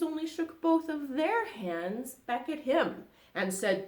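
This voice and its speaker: A woman reading a children's story aloud, animated and asking the young listeners questions as she goes. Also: high voice, slow, roomy sound.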